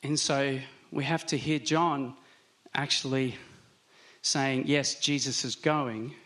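Man preaching in a relaxed, conversational way. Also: mid-range voice. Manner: conversational, reflective, with slow emphatic stresses. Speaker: pastor. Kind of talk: sermon.

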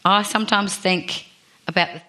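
A woman's voice: medium pitch, fairly even intonation, moderate pace, bright, forceful tone. A woman preaching a sermon in a chatty, self-deprecating way, asking the congregation questions. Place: church.

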